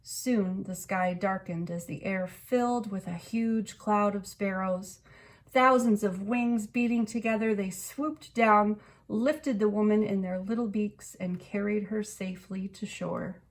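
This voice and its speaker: A woman reading a children's picture book aloud in an expressive storytelling way. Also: mid-range voice, a little slow. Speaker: storybook reader.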